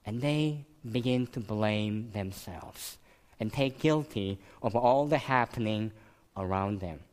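Male pastor, sermon, slow deliberate delivery, emotional repetition. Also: on the low side, a little mellow.

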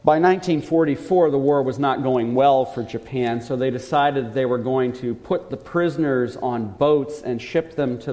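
A man's voice: mid-range voice, dark tone. Earnest male preacher in a reverberant hall. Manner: earnest storytelling, slows for emphasis. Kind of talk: sermon.

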